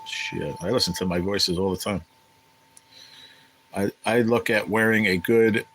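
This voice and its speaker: A deep-voiced man chats loosely through a livestream, talking straight to viewers in the chat. His tone has a bright, forward edge, and he rambles and swears freely. A faint hum sits under the recording. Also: fairly even intonation, unhurried, long pauses, poor audio. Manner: rambling, profane, chatty with viewers. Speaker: livestream host reading chat.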